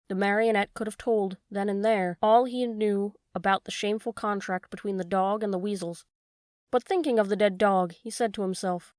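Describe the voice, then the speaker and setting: Woman narrator, calm measured storybook read-aloud, medium pitch, dry close sound. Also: dry recording.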